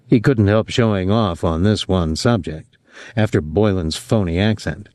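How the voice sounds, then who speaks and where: A man narrating a novel in a measured, expressive storytelling manner. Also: deep voice, no echo, studio quality. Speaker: audiobook narrator.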